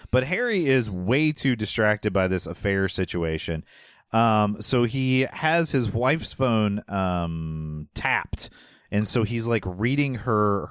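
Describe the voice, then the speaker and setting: A podcast co-host with a low voice casually recaps a movie scene by scene, rambling, trailing off, and letting laughs slip into his lines. The studio sound is clean with no echo.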